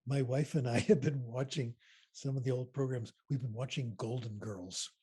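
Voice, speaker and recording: An older man with a raspy, husky voice answers conference questions as the keynote speaker. He tells stories in an unhurried, emphatic way, stressing his points. His pitch sits in a middle range for a man. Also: fairly even intonation, warm tone.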